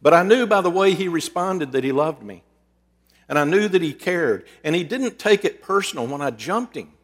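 A man's voice: a little high, animated, normal speed. Earnest preacher man in a reverberant hall. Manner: earnest, conversational, with dramatic swings in loudness. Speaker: preacher and counselor. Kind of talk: storytelling sermon. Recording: long reverb in a large hall.

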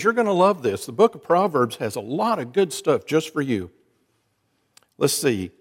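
Preacher guy telling jokes in a sermon, bit high voice, long echo like a big church. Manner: folksy storytelling, wry asides to the congregation. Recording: long hall reverb.

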